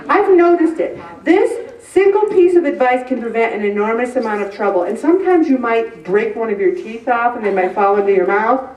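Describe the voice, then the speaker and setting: Her voice a little high and darkish, with the highs cut off, a middle-aged woman offers a funny, conversational faith talk about stress. As an inspirational speaker, she jokes and acts out little quoted exchanges, recorded from afar in a room with echo.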